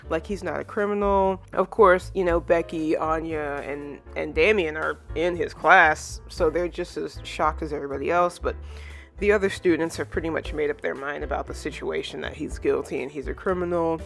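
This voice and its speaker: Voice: mid-range voice, steady tone, normal speed, creaky, fairly bright tone, soft background music. Rambling casual manga recapper. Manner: rambling, full of "you know" and "like" fillers; acts out characters' lines when retelling. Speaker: manga reviewer.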